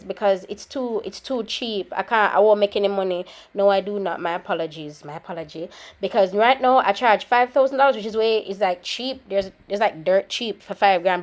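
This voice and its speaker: Chatty Jamaican woman makeup artist. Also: medium pitch. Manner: chatty, slips between standard English and patois; scolds her children mid-talk. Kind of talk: casual vlog chat. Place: home with children around.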